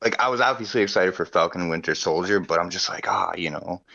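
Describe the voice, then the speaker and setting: A man with a low voice and a bright, forceful edge, chatting on a podcast and laughing through his retellings. The audio sounds a little muffled and lo-fi. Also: fast talker, vocal fry. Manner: laughs often, animated retelling. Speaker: podcast co-host. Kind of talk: casual chat.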